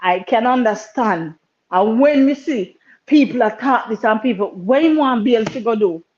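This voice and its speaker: A Jamaican woman co-hosting a live-stream chat. She talks in patois, with emotion, and repeats herself when she gets worked up. Her voice sits fairly high and comes through on dull, lo-fi audio. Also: animated, moderate pace, darkish tone, slight background noise. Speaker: co-host.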